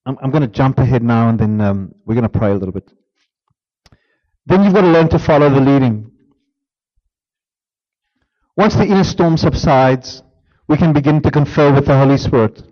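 A man preaching a sermon as pastor, swinging from emphatic declarations down to hushed near-whispers. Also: medium pitch, normal speed, long pauses, dull audio.

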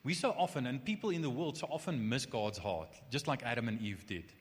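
Animated male preacher in a reverberant hall. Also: medium pitch, brisk. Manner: conversational, animated preaching with restarts and asides. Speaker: pastor. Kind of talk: sermon.

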